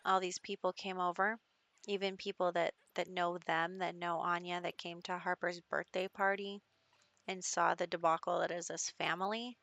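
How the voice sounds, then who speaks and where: A woman's voice: fairly low pitch, little pitch movement, moderate pace, creaky, fairly bright tone, dry recording, lo-fi sound. A young woman casually narrating her gameplay as the show's host, telling the story in a chatty way with fillers. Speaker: gaming video host.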